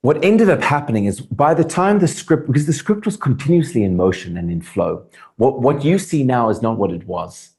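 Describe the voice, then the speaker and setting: A South African man speaks in an interview with a lively, rising and falling delivery. He is earnest and reflective, often circling back to restart a sentence before landing his point. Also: mid-range voice, normal speed. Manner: animated, earnest, thinks aloud with restarts. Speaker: actor guest. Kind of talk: interview conversation.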